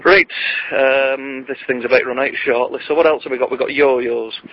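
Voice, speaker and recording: A middle-aged man, chatting and telling jokes while out on a walk, deadpan and rambling. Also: medium pitch, moderate pace, highs cut off. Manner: chatty, deadpan, puts on voices for joke characters. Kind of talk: rambling joke-telling vlog. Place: outdoors on a walk.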